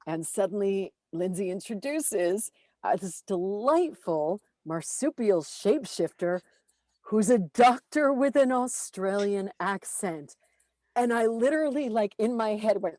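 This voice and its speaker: A woman who narrates audiobooks, talking casually in an interview, animated and self-deprecating, with lots of fillers and restarts. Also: mid-range voice, unhurried, no echo.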